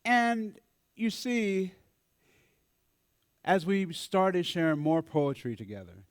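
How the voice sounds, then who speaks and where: Male speaker at a church forum, somewhat high voice, very lively pitch, dry close sound, acts out quoted voices. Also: dry recording. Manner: animated storyteller who acts out quoted voices. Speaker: speaker at a mental health forum. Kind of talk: storytelling talk to a church audience.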